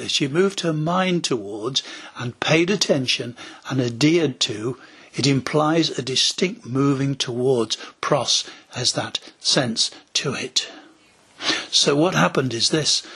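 A man's voice: mid-range voice, fairly bright tone, breathy edge. A man preaching a sermon as a pastor, telling stories and acting out quoted voices, sometimes dropping to a whisper.

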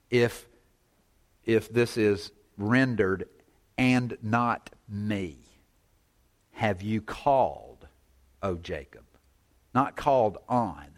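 A man preaching an expository sermon, reading verses and explaining them, stressing key words and paraphrasing God in the first person. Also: fairly low pitch. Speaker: pastor.

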